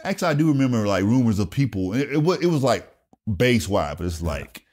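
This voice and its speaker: A man's voice: mid-range voice, fast. A man in his late forties from South Carolina, a retired Air Force master sergeant telling stories as a guest, swearing freely and acting out the dialogue. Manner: animated, profane storyteller acting out dialogue. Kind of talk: casual storytelling interview.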